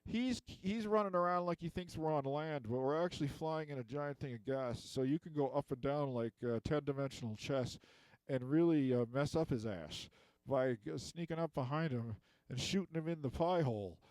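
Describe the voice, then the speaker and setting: Figure: clever male alien science officer, voiced by a man. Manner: eager and scheming, a touch higher than his own voice. Sound: smooth, dry. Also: normal speed, darkish tone, no room sound, lightly acted.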